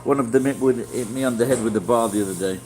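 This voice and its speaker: A middle-aged Yorkshire man chats with his live viewers in a loose, rambling way, blunt and quick to swear. His voice sits at an ordinary pitch for a man. There is a faint hum of noise behind him. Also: a little mellow, low-quality recording. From Yorkshire, England. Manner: rambling and blunt, swears freely, many restarts. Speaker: vlogger chatting with live viewers. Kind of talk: casual livestream chat.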